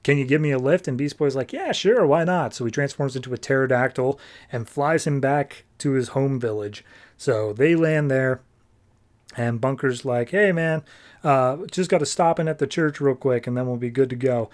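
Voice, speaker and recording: A man hosting a podcast, casually reviewing and recapping comics in a chatty, filler-heavy way, slipping into quick offhand character voices. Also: medium pitch.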